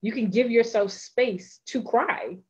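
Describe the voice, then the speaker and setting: A woman's voice: a little high, takes it slowly, slightly rough. A woman life coach giving encouraging advice in a live interview, repeating phrases for emphasis. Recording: dull lo-fi sound.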